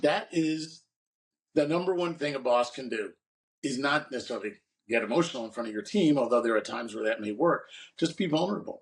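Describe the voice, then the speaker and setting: A man's voice: mid-range voice, expressive, a little fast, far from the mic, low-quality recording. A man co-hosting a podcast, telling rambling stories about his career in a casual chat. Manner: rambling anecdotal storyteller. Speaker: podcast co-host.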